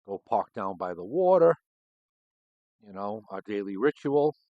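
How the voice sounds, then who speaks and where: A man's voice: on the low side, big pitch swings, measured pace, dry recording, phone-quality sound. A middle-aged man, a former homicide detective hosting a cigar show, telling a story in a casual, rambling and profane way.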